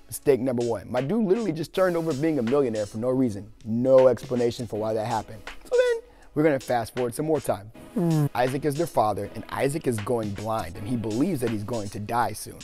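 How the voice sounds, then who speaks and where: A man's voice: medium pitch, a little fast, mellow, faint music behind. A young man hosting a video and casually retelling an old story in a slangy, joking way. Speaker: video host.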